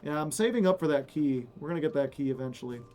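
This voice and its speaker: Higher-voiced man streaming a game. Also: lively intonation, fast talker, warm tone. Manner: jokey, banters at game characters. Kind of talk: casual gameplay commentary.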